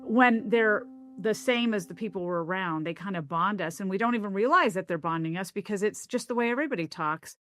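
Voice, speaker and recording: A woman from the American South, a linguist, talks through her memories and explains her ideas in a thoughtful, explanatory way. Her voice sits at a middling pitch for a woman. Soft music plays faintly behind her. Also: a little fast. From American South (Tennessee). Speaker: linguist, interview guest. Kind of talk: reflective interview storytelling.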